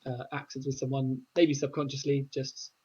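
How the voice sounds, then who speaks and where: A man's voice: medium pitch, completely flat delivery, moderate pace, dark tone, breathy edge, highs cut off. A man co-hosting a podcast, explaining an idea hesitantly in casual chat. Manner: hesitant, full of fillers and hedges. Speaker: podcast co-host.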